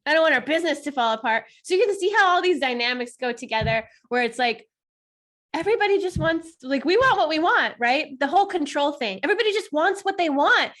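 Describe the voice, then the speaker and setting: Animated high-pitched woman chatting. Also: a little fast. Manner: animated, acts out quotes with shifting tone; laughs often, swears casually. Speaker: co-host. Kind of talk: casual podcast chat.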